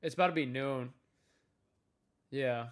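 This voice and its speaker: Calling everyone "bro," a young day-trading livestreamer rambles through casual stories heavy on slang and profanity. He speaks at a medium pitch and a measured pace, with a clean tone.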